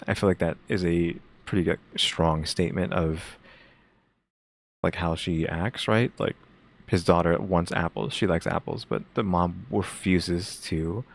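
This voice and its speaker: Low gravelly man musing on a reaction show. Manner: halting, thinks aloud with restarts. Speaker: reaction co-host. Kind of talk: casual reaction commentary.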